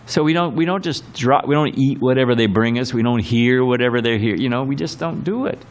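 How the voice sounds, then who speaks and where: A man's voice: medium pitch, brisk. A man giving a temple scripture class in a rambling, conversational way, full of asides and acted quotes. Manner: rambling and conversational, many fillers and quoted voices. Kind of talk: temple sermon lecture. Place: temple hall.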